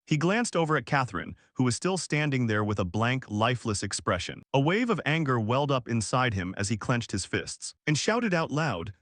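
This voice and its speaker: A man reads a story recap aloud in an even, steady storytelling voice at a medium pitch. The recording is dry and close, with no room sound. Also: a little fast, no room sound. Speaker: recap narrator. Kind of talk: scripted story narration.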